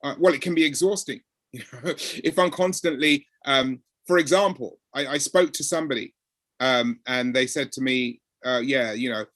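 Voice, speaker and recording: A man's voice: medium pitch, normal speed, no room sound. A man talking conversationally about workplace experiences, acting out the exchanges he describes. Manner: animated, acts out quoted exchanges. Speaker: speaker on code switching. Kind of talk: conversational talk.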